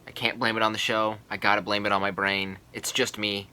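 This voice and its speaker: A man's voice: fairly low pitch, little pitch movement, fairly quick, pushed and bright. A young man filming himself at home, joking and rambling nervously to the camera. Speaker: vlogger. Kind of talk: self-filmed vlog clip. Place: small apartment at home.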